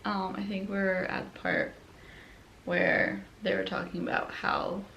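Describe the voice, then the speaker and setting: A woman's voice: medium pitch, very animated, a little slow, vocal fry, fairly bright tone, lo-fi sound, slight background noise. A young woman casually telling her birth story at home, chatty and laughing often. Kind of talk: casual chat. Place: home at night.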